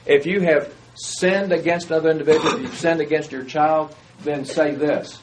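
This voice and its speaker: A man delivering a sermon in an easy, conversational manner, often turning to his listeners with questions. His voice sits a little high for a man, and faint background noise is heard behind him. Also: fairly even intonation, moderate pace, hardly any pauses, poor audio. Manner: conversational, asks the audience questions. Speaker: preacher.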